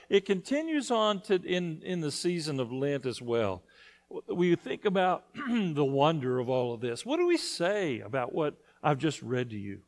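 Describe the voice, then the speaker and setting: Man preaching a conversational sermon. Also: on the high side. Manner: conversational, asks the congregation questions. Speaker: pastor. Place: church sanctuary.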